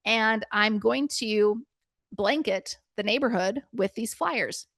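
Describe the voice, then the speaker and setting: A middle-aged woman presenting a workshop as a preschool business coach. She tells stories in an animated way and acts out her own past reactions. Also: a little high, slow, no echo, clean studio sound.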